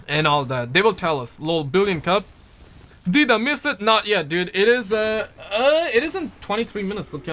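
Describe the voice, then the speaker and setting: A young man from Pakistan chatting casually on a gaming news livestream, deliberately swinging his voice up and down as he answers chat. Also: on the high side. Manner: animated, shifts his voice up and down on purpose.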